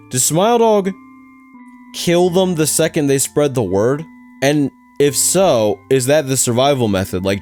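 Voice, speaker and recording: A young man hosting a reaction video at a mid pitch, talking in casual slang. He jokes around and thinks out loud as he picks apart creepy clips.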